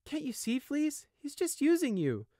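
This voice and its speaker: A timid young buck, frightened and pleading, as a man puts him on, pitched well above a normal speaking voice. The voice swoops up and down with worry and often drops to a hushed whisper. The sound is close and dry. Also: wildly swooping pitch, unhurried, no echo, full character voice.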